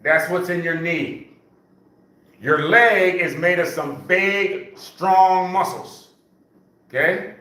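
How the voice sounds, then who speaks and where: A man's voice: high-pitched, slow pace, long pauses, sharp tone, distant mic. Man counting reps in an echoey room. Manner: counts reps aloud, coaxing with frequent "okay?". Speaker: senior fitness instructor. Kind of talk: live exercise class instruction. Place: senior center room.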